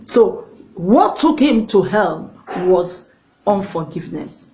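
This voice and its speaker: A woman's voice: mid-range voice, sing-song, slow, mellow, rough recording. An earnest woman evangelist preaches and tells a story, speaking straight to the viewer. She leans on repetition for emphasis and pleads with her listeners. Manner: earnest, directly addresses viewers. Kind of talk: sermon.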